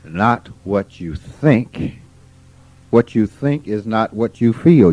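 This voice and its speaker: A man gives an informal spiritual talk. He is folksy and unhurried, and he asks questions and then answers them himself. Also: medium pitch, expressive, a little mellow, no room sound. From Mississippi, USA. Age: 50s. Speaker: spiritual teacher. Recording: dull archival tape recording.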